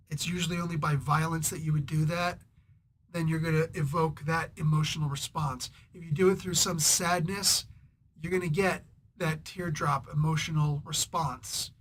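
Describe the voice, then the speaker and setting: Bright-voiced, annoyed male comic reviewer. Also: fairly high pitch, steady tone, moderate pace, a little hiss or hum. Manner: rambling and openly annoyed, with sarcastic asides; frequent restarts and throat clearing. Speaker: comic book reviewer and show host. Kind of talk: casual spoken review.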